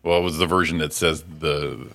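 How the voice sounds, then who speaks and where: A middle-aged man co-hosting a casual morning show, telling stories with lots of laughter and loud mimicry. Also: extremely low pitch, flat delivery, normal speed, vocal fry. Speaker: co-host.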